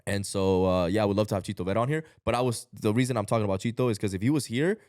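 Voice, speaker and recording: A man from Ecuador co-hosting a podcast, talking fast in a rambling, animated way with plenty of slang. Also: fairly low pitch, dry recording, studio quality. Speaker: podcast co-host. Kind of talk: casual podcast chat.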